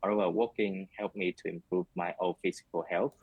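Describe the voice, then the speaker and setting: A man's voice: low-pitched, fairly even intonation, a little fast, breathy edge, phone-quality sound. A man answering speaking test questions in a hesitant way, heard through a played-back recording of the test. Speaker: exam candidate.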